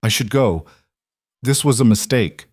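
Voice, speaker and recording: A man voicing a young woman on a date who is tearful and anxious, speaking in a small, choked, rushed way. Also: mid-range voice, expressive, darkish tone, no echo, clean studio sound.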